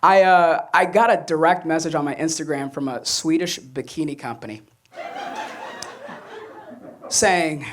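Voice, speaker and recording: A man's voice: a little high, a little slow, long pauses, noisy background. A young man performing a stand-up comedy set, telling stories and acting out quoted voices. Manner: animated storytelling, acts out quoted voices. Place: comedy club stage with audience laughter.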